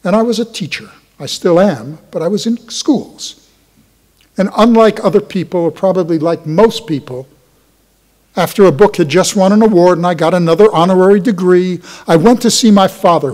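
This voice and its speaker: An older professor speaks with feeling at a conference, his story turning impassioned. His voice sits high for a man. It rings with the long reverb of a big lecture hall. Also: a little mellow.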